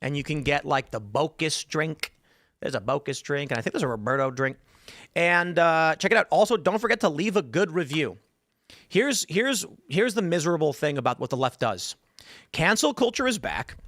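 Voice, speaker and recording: A man hosting a podcast, reading out viewer comments and chatting casually, animated and quick to laugh. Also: a little high, no room sound, clean studio sound. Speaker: podcast host.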